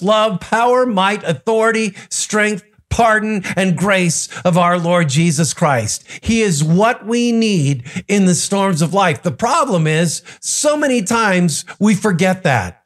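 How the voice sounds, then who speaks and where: Male devotional preacher, high voice, earnest, asks rhetorical questions. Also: animated, slow pace. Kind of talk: devotional sermon.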